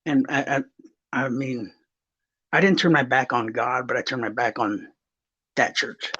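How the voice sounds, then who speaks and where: Husky storytelling man from Texas. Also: mid-range voice, steady tone, measured pace, bright, forceful tone. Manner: rambling, swearing, storytelling. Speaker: guest. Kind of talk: casual podcast chat. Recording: slightly muffled recording.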